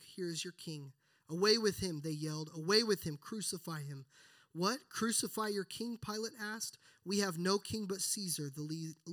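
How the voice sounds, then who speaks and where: A man preaching a sermon, speaking earnestly and reading scripture aloud with feeling. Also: high voice. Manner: earnest, builds then drops to hushed prayer.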